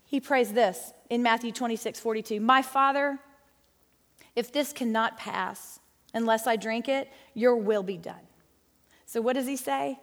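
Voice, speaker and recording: A woman's voice: fairly high pitch, moderate pace. Earnest woman teaching in a reverberant hall. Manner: earnest, conversational, playful asides. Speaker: women's Bible study teacher. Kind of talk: Bible study teaching talk.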